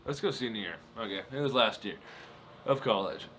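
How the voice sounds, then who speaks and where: A man's voice: fairly low pitch, a little fast, a bit bright, slight background noise. A young man in his twenties hosting a solo podcast, rambling through casual stories with lots of fillers and laughs. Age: 20s. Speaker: podcast host.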